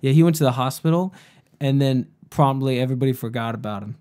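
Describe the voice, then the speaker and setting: A man's voice: mid-range voice, fast, dark tone, clear, resonant tone. A young man and podcast host telling a story in casual chat, rambling and profane, with lots of "like".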